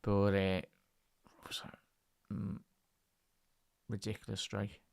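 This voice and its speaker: A man's voice: lowish voice, completely flat delivery, slow, gravelly. A man with a Scouse accent giving casual live match commentary on a stream, chatting to his viewers and calling them lad and chat. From Liverpool, England.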